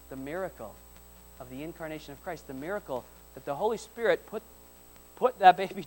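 A man preaching a sermon to a congregation in church. He builds repeated lines into loud emphatic peaks and drops to soft, quiet asides between them. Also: on the high side, fairly quick, soft background music, low-quality recording. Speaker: pastor. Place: church service before a congregation.

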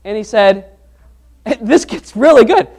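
A man preaching a sermon to a congregation. He talks in a casual, animated way and drifts into personal anecdotes. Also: high voice, takes it slowly. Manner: conversational, animated storytelling with restarts. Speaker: pastor.

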